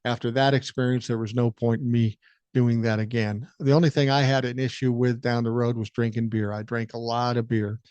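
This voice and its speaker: A man's voice: mid-range voice, little pitch movement, brisk, a little mellow, smooth, no room sound. An older man with a Minnesotan accent hosting a solo podcast, telling a profane story and acting out the quotes. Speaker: podcast host. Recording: dry, slightly dull podcast mic.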